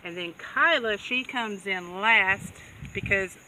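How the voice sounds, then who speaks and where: A woman's voice: mid-range voice, slow pace, pushed and bright. A woman chatting casually in a farm vlog, laughing often and coaxing her animals. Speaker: goat farmer vlogger. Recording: distant outdoor mic, background noise.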